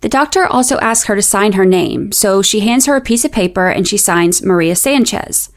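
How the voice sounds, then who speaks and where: A woman hosting a true-crime show, narrating a scripted account in a measured, explanatory way with a lightly sardonic edge. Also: mid-range voice, animated. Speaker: podcast host.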